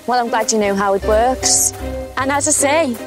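A woman acting as a brassy Liverpool chambermaid turned blackmailer in a period drama, taunting her victim in a fairly high voice, coolly threatening. Soft music plays underneath. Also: normal speed, natural voice. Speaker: actor in a period drama clip.

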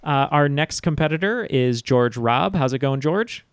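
A man hosting a trivia podcast in casual chat, relaxed and filler-heavy. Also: on the high side, unhurried, clean tone, no room sound, studio quality.

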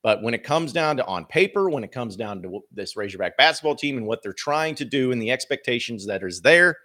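A male sports podcast host talking in a casual, blunt way. His pitch swings widely as he fires off rhetorical questions. His delivery is emphatic and opinionated. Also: expressive, brisk, pushed and bright.

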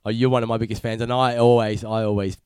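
A man's voice: on the low side, little pitch movement, quick pace, darkish tone, clean tone, dry recording. A man hosting a podcast interview, chatting in a matey, rambling way with lots of swearing and fillers. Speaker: podcast host. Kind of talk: casual chat.

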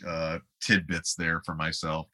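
Low-voiced man telling rambling stories. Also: monotone, measured pace, sharp tone. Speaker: guest musician. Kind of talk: casual anecdotal storytelling.

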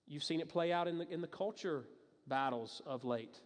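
A man's voice: a little high, normal speed. Man preaching in a reverberant hall. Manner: conversational and emphatic, with frequent restarts and asides. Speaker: pastor. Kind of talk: sermon. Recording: long reverb of a large hall.

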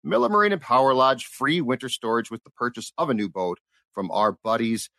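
A man's voice: mid-range voice, fairly quick, creaky, sharp tone, no echo. Male talk radio host, close studio mic, dry sound, easy live-read delivery.

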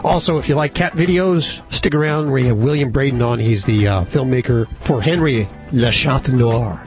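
A man hosting a radio talk show, briskly reading the call-in number and teasing upcoming guests. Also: medium pitch, darkish tone, faint music behind. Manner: brisk and conversational, reads phone numbers and teases upcoming segments.

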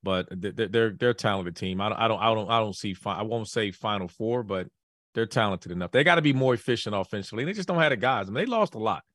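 A man giving quick basketball analysis on a podcast, stopping and restarting his sentences often. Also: fairly low pitch, expressive, a bit bright, no echo, studio quality. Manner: fast, halting, frequent restarts. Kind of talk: casual sports podcast chat.

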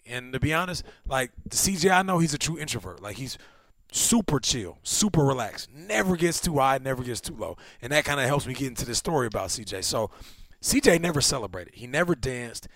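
A man in his thirties, a former football player, co-hosting a casual chat and telling stories with lively, acted-out quotes. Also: dry recording, clean studio sound. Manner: animated storyteller, acts out quotes with big pitch swings. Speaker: podcast co-host, former NFL receiver.

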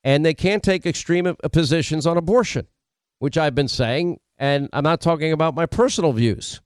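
A middle-aged man hosting a political talk radio show, delivering an emphatic, opinionated monologue and rattling off points in quick series. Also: on the high side, clear, resonant tone, no room sound.

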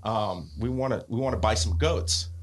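A man guesting on a podcast, telling fishing and travel stories in a casual, animated way, acting out quotes and laughing often. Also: mid-range voice, normal speed. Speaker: podcast guest, offshore fisherman. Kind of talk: casual storytelling.

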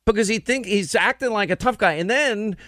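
A man hosts a show in casual banter, telling stories bluntly and acting out what others said. His voice sits fairly high for a man. The studio sound is dry and close. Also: fairly quick, dry recording. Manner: blunt, animated storytelling with quoted asides. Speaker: radio and TV host.

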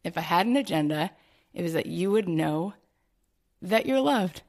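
A woman's voice: fairly low pitch, lively intonation, normal speed, darkish tone. A woman hosting a heartfelt conversation, earnestly telling a personal story and quoting what others said. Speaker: host.

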